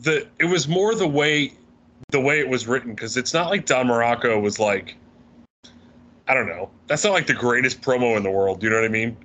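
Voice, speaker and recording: A man co-hosting a wrestling podcast, answering trivia in casual chat, thinking aloud and clearing his throat. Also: medium pitch, expressive, fairly quick, a bit bright, highs cut off.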